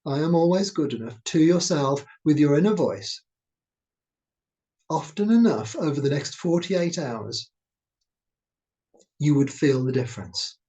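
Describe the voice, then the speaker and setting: A man guiding a meditation, speaking in a slow, gentle, soothing way. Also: a little high. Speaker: meditation teacher. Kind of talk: guided meditation talk.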